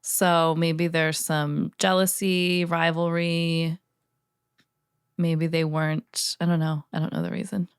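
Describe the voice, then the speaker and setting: A woman's voice: deep voice, level tone, slow, clean tone, dry recording, studio quality. A woman co-hosting a podcast as a first-time reader, skeptical and blunt in casual chat. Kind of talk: casual book-club chat.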